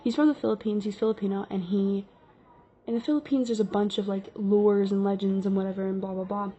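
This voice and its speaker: A woman's voice: mid-range voice, steady tone, a little fast, mellow, slightly rough. A woman telling a casual story-time vlog tale, chatty and full of fillers. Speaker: vlogger. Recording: dull lo-fi recording.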